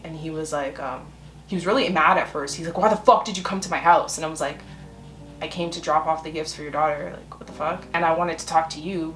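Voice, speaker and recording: A woman's voice: deep voice, a bit bright. A woman in her twenties telling a personal story in casual chat, candid and blunt, swearing freely and laughing often. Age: 20s.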